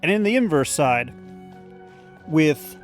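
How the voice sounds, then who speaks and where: Male let's-play host, slightly high, chatty and opinionated, faint game music underneath. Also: very animated, slow pace. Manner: rambling, opinionated, swears casually. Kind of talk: casual gameplay commentary.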